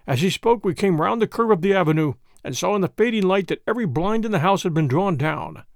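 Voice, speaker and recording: Expressive male narrator, lively gravelly voice. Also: high-pitched, fast talker, few pauses, dry recording, studio quality. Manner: expressive, dramatic reading. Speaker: audiobook narrator. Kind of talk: scripted narration of a classic story.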